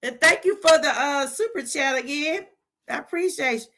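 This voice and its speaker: A woman's voice: high-pitched, lively intonation, moderate pace, sharp tone. A middle-aged woman from Georgia, hosting a casual livestream and giving a heartfelt testimony straight to her viewers. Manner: heartfelt, talks straight to viewers, reads out chat. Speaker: livestream host.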